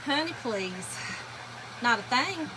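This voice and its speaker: A high-pitched woman chats with her viewers like old friends, calling them y'all and breaking into laughter as she tells stories. Her easy, rambling talk rides over the clear rasp of sanding and rubbing in her workshop. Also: animated, slow, noisy background. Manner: chatty, laughing storyteller, addresses viewers as y'all. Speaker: furniture painting livestream host. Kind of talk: casual livestream chat to viewers.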